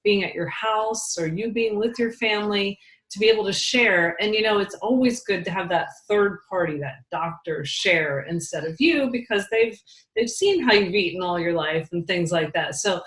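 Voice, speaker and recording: A woman's voice: mid-range voice, expressive, normal speed, a bit bright. A woman in the middle of her range talks loosely with her team, sharing stories in a chatty way and laughing easily. The sound carries a roomy echo. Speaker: team leader. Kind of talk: casual team talk.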